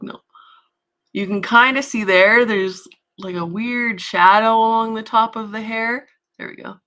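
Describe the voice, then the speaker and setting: A woman with a low-pitched but bright, forceful voice chats her way through a casual livestream. She rambles easily as she works, greeting people and humming little filler sounds to herself. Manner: chatty and rambling, hums filler sounds while working. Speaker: livestream host, model horse artist.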